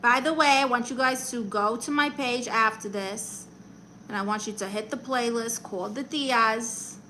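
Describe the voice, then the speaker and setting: A woman's voice: a little high, normal speed, bright, forceful tone, a little hiss or hum. A woman playing a brash, blunt middle-aged aunt who calls herself a therapist, chatting on a live stream while she colors and reads the chat. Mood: chatty. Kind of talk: improvised character comedy live stream.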